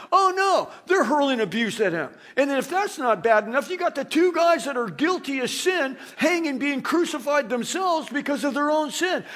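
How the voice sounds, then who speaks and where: Male preacher, high husky voice, dramatic sermon delivery with animated asides.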